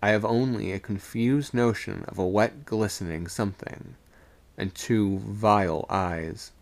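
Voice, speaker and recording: Male storyteller for a spooky livestream reading, low gravelly tone, measured pacing. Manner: slow, deliberate, suspenseful reading. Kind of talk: reading a ghost story aloud.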